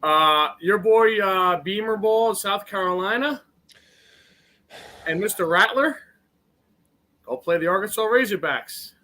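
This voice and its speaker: A man co-hosting a sports podcast, excitable and blunt, swearing casually. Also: high-pitched, unhurried, long pauses. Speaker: podcast co-host.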